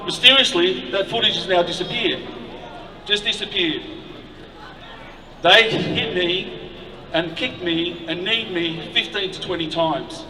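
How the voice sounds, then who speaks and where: Man, high-pitched and indignant, speaking to a night protest crowd from a far mic. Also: a little slow, long pauses, sharp tone. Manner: emotional, indignant. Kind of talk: impassioned outdoor speech to a crowd. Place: city street at night, outdoors. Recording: echoey, distant street recording with noise.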